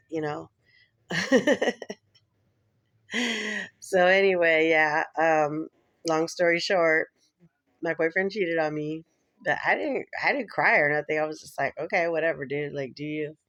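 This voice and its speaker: A woman vlogger rambling casually, full of fillers and quick laughs. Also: low voice, fairly bright tone, no echo. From Philippines heritage. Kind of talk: casual chat.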